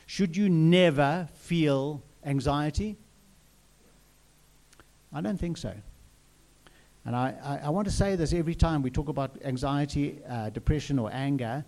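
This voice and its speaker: A man's voice: mid-range voice, warm tone. A man preaching a sermon in an earnest way, repeating phrases and asking the listeners questions.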